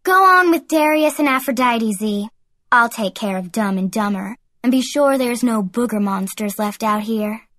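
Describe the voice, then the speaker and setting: A woman's voice: fairly high pitch, expressive, normal speed, fairly bright tone, no room sound, studio quality. A woman doing a twangy, friendly country girl. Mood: reassuring.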